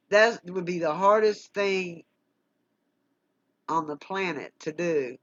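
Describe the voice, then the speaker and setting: A man's voice: sits high, takes it slowly, long pauses, fairly bright tone. A man in a casual chat about faith, speaking emotionally and rambling with many fillers. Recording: dull lo-fi sound.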